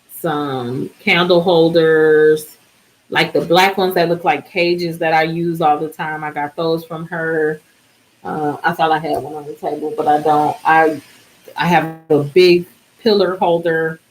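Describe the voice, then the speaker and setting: A woman's voice: sits low, slight background noise, low-quality recording. A woman chatting casually in a vlog, tired and rambling, trailing off mid-thought. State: exhausted, yawning. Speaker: DIY vlogger. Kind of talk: casual chat.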